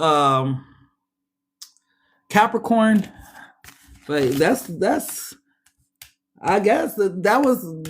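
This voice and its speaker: A woman giving a casual tarot reading, chatty and slangy, speaking straight to her listeners and sounding a bit stuffy. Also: fairly low pitch. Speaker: tarot reader.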